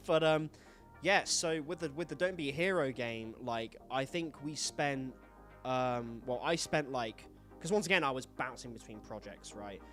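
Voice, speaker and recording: A man's voice: mid-range voice, moderate pace, fairly bright tone, faint music behind. A man talking casually and frankly as host, swearing often and rambling through stories with lots of fillers. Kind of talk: casual solo chat, rambling storytelling.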